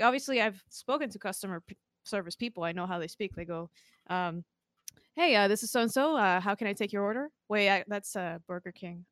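A woman's voice: mid-range voice, a bit bright, dry recording. Giggly rambling young woman streamer. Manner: giggly, rambling, lots of fillers. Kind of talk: casual chat.

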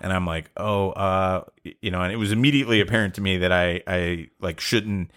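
A man's voice: deep voice, fast, fairly bright tone. A middle-aged man co-hosting a podcast, telling a long, rambling, self-deprecating story in casual chat. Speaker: podcast co-host.

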